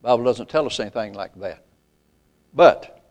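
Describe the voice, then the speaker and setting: An older man preaching a sermon in a church. He is folksy, calls out to the congregation and slows down to recite scripture. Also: mid-range voice, animated.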